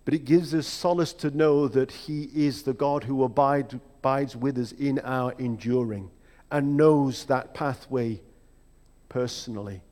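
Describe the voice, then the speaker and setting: A man preaching a sermon in a reflective, measured way, with emphatic rhetorical questions. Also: medium pitch, fairly even intonation, a little mellow. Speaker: pastor. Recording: long hall reverb.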